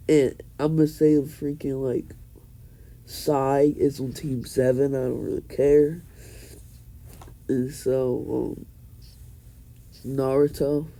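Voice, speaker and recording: A man's voice: medium pitch, dark tone. A young man improvising a fan story aloud, rambling with fillers and restarts. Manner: rambling, many fillers and restarts, laughs at own jokes.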